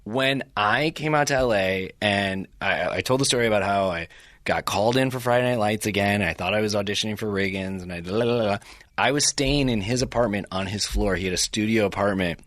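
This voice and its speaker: A man's voice: fairly low pitch, fairly quick, fairly bright tone, no room sound, studio quality. A man in his forties from Chicago co-hosting a casual podcast chat, rambling through stories and laughing often. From Chicago area, United States. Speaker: podcast co-host.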